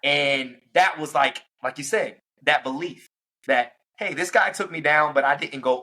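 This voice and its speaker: Young male fighter, guest on an interview; lively storyteller with a bright, forceful tone. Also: a little high, moderate pace, poor audio. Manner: animated, acts out fight moments and quotes. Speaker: professional MMA fighter, guest.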